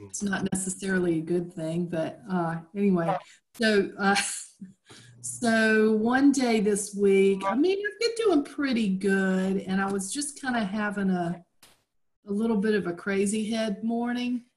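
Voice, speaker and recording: A woman with a Southern US accent reading her own poem at an open mic over a video call, slow and reflective. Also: medium pitch. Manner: slow, reflective, lingering on phrases.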